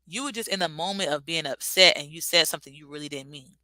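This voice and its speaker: A woman's voice: sits low, fast, pushed and bright, no room sound. A woman vlogger giving a casual, earnest and reflective motivational talk.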